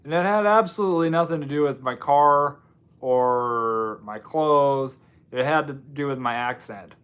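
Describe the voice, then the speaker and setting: With a clear, resonant, slightly bright voice of medium pitch, this American livestream host talks unhurriedly. His casual chat with viewers wanders around and pokes fun at himself.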